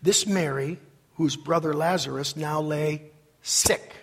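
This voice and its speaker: Slow-preaching pastor in a reverberant hall. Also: male voice, on the high side, husky. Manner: preaching with slow repeated emphasis, leading the congregation in repetition. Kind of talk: sermon. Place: church sanctuary. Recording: long reverb of a large hall.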